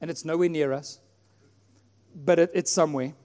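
High-voiced pastor telling a story. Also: male voice, normal speed. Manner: animated storyteller, acts out his own prayers. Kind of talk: sermon with personal story. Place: church hall. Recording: long hall reverb, faint music.

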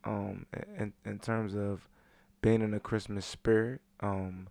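A man's voice: fairly low pitch, level tone, takes it slowly, gravelly, a little mellow, dry recording. A man co-hosting a podcast, chatting casually in a laid-back, rambling way, with plenty of swearing. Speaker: podcast co-host. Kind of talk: casual chat.

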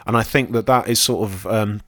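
Chatty man, low and dry. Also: fairly quick, dry recording. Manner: rambling, self-deprecating, lots of ums. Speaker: podcast co-host and conference speaker. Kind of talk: casual podcast chat.

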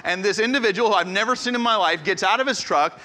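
Guy in his 40s, pastor type, animated self-deprecating story, high voice, echoey big hall. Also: quick pace. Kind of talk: humorous story in a sermon.

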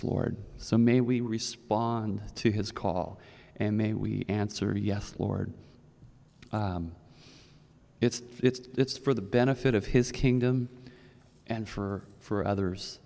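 A man's voice: fairly low pitch, gravelly, mellow. A man preaching a conversational sermon to his congregation, telling a personal story with many restarts and fillers. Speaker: pastor. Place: church sanctuary. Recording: long hall reverb.

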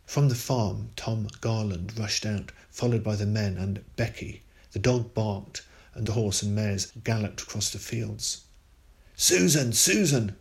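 A man reads a ghost story aloud in a somewhat low voice. His delivery is measured and expressive, dwelling on the tension. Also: vocal fry. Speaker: story reader.

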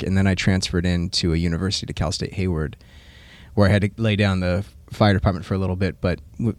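A man's voice: low voice, a little mellow, no echo. A man in his thirties, a podcast guest and firefighter, chatting earnestly about his life in a studio interview. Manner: rambling and earnest, with fillers and a ready laugh. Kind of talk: casual interview chat.

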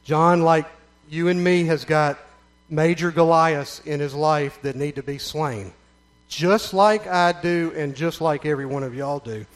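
A middle-aged man with a Southern American accent tells his story to a gathering in an earnest, folksy way. His voice sits a little high for a man, and he stacks repeated phrases into emphatic runs. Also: unhurried. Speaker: speaker giving a testimony. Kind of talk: spoken testimony to a gathering.

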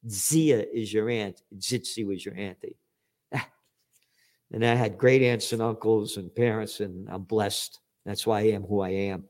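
An older man giving an indignant, profane commentary monologue, swinging from loud outbursts to low muttering. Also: steady tone, a little slow. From United States.

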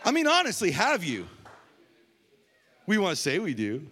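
A man preaching a sermon as a pastor, telling funny stories with sudden loud bursts. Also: normal speed. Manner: storytelling with humor, animated swings from low to loud.

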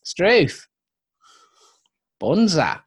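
A man's voice: on the high side, sing-song, extremely slow, husky, pitched above the performer's own voice, exaggerated voice. A man hamming up a put-on Australian accent, reading news as a slangy Aussie bloke with self-mocking humour. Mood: mock-jolly.

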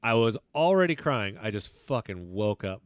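A man's voice: fairly low pitch, sing-song, moderate pace, smooth, no echo, clean studio sound. A young man co-hosting a podcast, telling a personal story in loose, candid chat full of swearing and restarts. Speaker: podcast co-host.

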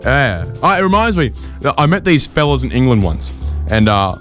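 A man, hosting a comedy show and telling rambling stories in a dry, deadpan way. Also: mid-range voice, normal speed, soft background music. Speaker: podcast host. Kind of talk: comedic storytelling and chat.

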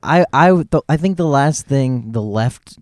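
A man from Florida talking in a relaxed podcast chat, halting and restarting as he searches for words. His pitch is mid-range and the room is dry. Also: no room sound. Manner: hesitant, restarts often. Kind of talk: casual chat.

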